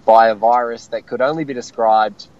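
An excited man, a film critic chatting casually on radio with plenty of fillers. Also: mid-range voice, moderate pace, lo-fi sound.

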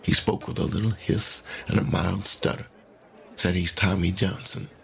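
A man narrating a story in an unhurried, folksy way. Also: deep voice, steady tone, creaky, fairly bright tone.

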